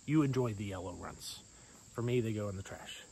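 A man giving a sermon as a pastor, in a playful, conversational storytelling manner with lively swings in voice. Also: on the low side, fairly quick, slight background noise, rough recording.

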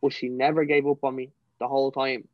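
A man's voice: mid-range voice, flat delivery, a little fast, dry recording, lo-fi sound. A young man with a Dublin Irish accent, a podcast guest telling his personal story in an earnest, emotional way, often saying "you know". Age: young adult.

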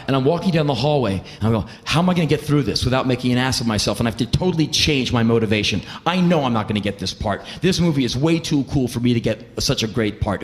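A man performing spoken word, telling a comic story in an intense, profane, animated way. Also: medium pitch. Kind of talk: live comedic storytelling. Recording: reverberant hall with faint ambience.

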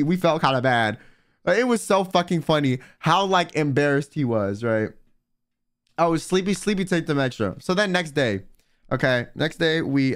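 A young man with a somewhat high voice tells stories on his livestream. His pitch leaps around as he talks, and he swears freely and fills his speech with filler words. It is loose, casual storytime chat. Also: fairly bright tone. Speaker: vtuber livestreamer.

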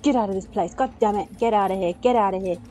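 A woman giving gaming commentary, excitably urging her character on and yelping at scares. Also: medium pitch, fast talker, soft background music. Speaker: let's play gamer.

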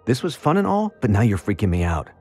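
A man's voice: fairly low pitch, sing-song, fast talker, darkish tone, husky, faint music behind, pitched above the performer's own voice, full character voice. A man voicing a blunt, frightened young girl in an audiobook, scolding and swearing at her friend. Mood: anxious.

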